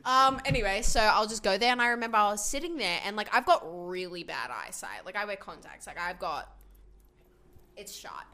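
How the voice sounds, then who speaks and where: A young woman from Australia with an Australian accent, telling stories in a casual chat, animated and full of "like". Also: mid-range voice, moderate pace, slight background noise. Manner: animated storyteller, lots of "like", laughs often. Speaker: podcast guest.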